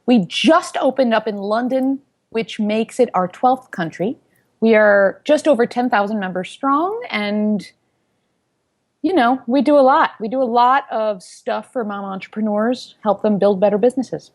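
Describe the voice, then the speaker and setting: Founder guest, woman in her thirties, lively storyteller with a slightly high voice. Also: measured pace. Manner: animated storyteller who acts out quoted voices. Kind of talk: storytelling in an interview.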